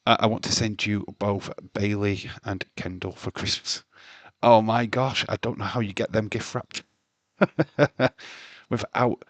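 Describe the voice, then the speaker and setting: A man's voice: on the low side, little pitch movement, moderate pace, few pauses, fairly bright tone, no echo. A man hosting a wrestling livestream, chatting casually and ranting with plenty of swearing.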